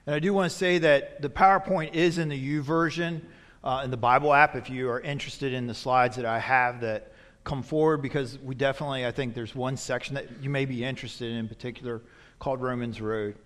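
Storytelling pastor in a reverberant church. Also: male voice, mid-range voice, fairly even intonation, brisk. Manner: storytelling, swings from hushed to loud. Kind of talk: sermon. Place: church sanctuary. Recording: long reverb in a church hall.

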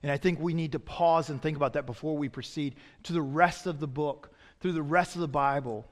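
High-voiced preacher in an echoing hall. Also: male voice, steady tone, fairly quick. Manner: dynamic, swinging from loud emphasis to quiet low asides. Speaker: pastor. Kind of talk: sermon.

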